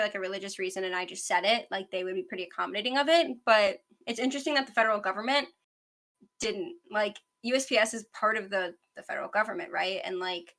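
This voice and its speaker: Young woman host, quick rambling news chat, bright tone. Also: medium pitch. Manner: fast, rambling, self-aware talker. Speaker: podcast host.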